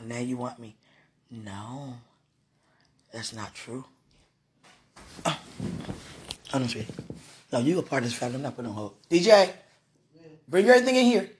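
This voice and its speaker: A man chatting affectionately at home while eating, soft-spoken and often murmuring, in a casual intimate vlog. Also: mid-range voice, husky.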